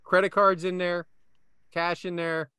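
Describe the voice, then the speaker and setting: A man's voice: high-pitched, little pitch movement, a little slow, sharp tone, clean tone, no echo. A man hosting a casual podcast, telling a rambling story full of self-asides. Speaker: podcast host.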